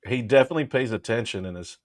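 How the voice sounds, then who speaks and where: A man's voice: mid-range voice, lively intonation, rapid-fire, dry recording, studio quality. A man on a sports chat panel, wry and offhand, giving credit to a friend.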